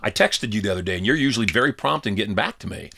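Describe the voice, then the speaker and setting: This middle-aged co-host speaks rapid-fire in a low, pushed, bright voice with vocal fry and lively intonation. He's storytelling about his own experiences in casual talk, acting out quoted dialogue.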